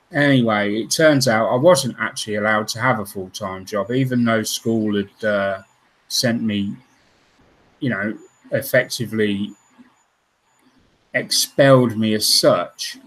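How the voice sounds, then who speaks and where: A man's voice: lowish voice, poor audio. A man hosting a modelling livestream, telling stories from his past in a rambling, hesitant way full of ums and restarts. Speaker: scale modelling channel host. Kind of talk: casual livestream storytelling.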